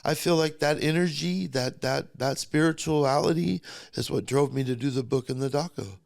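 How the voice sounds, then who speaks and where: A man's voice: a little high, moderate pace, gravelly, a little mellow. A middle-aged man, a podcast guest, telling his personal story in a blunt, profane and emotionally charged way.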